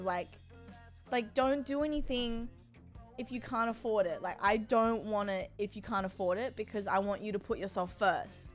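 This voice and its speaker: Bubbly Australian woman streamer, high voice. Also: fairly bright tone. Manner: bubbly and chatty, quick swings up in pitch. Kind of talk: casual chat with viewers.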